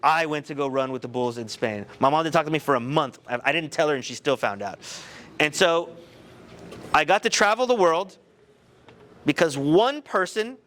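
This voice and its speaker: A man giving a motivational talk to high school students, telling a personal story in an animated, conversational way. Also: moderate pace. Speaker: guest speaker.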